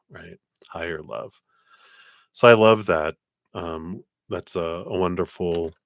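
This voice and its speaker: A middle-aged man reading tarot cards on a live stream, offering gentle, encouraging spiritual advice. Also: low-pitched, dry recording, studio quality. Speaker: tarot card reader.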